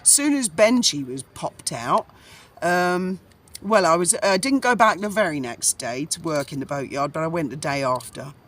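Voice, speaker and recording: A woman's voice: deep voice, expressive, normal speed, fairly bright tone. A middle-aged woman, recounting her past in a chatty, rambling way full of fillers and restarts. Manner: chatty and rambling, with frequent fillers and self-corrections. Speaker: vlogger. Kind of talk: casual personal storytelling.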